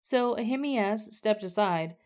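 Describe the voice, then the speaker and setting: A woman reading scripture for a daily devotional, her voice sitting at a middling pitch. The reading is clear and steady, without hurry. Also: a little slow. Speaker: scripture reader.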